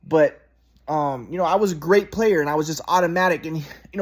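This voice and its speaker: A man's voice: fairly high pitch, brisk. A man in his thirties in a rambling, repetitive casual monologue, agitated and swearing.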